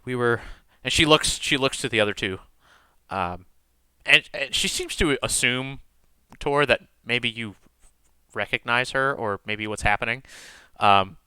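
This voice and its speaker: A man runs a tabletop game, describing each moment loosely and with lots of fillers. His voice is bright and crisp. The sound is dry, with no room echo. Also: mid-range voice, a little slow. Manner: rambling, filler-heavy description. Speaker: game master.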